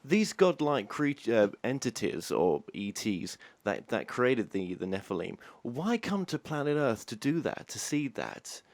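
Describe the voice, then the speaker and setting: A man hosting a podcast, putting questions to his guest with tentative, halting phrasing. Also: medium pitch, very animated. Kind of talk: casual discussion.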